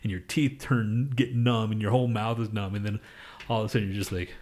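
A man's voice: fairly low pitch, steady tone, a little fast, darkish tone, a little hiss or hum. A young man co-hosting a podcast, telling loose, profane stories in casual chat and laughing often. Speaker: podcast co-host.

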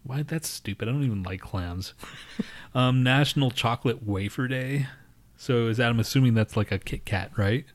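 A man's voice: medium pitch, normal speed, no echo. A man co-hosting a podcast in casual chat, crude and laughing often, with constant swearing. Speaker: podcast co-host.

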